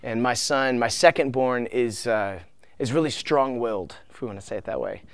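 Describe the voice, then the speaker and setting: A man in his thirties preaching a sermon, earnest and emotional, tearful at times, with soft trailing asides. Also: mid-range voice, moderate pace, clear, resonant tone, no room sound. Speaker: pastor.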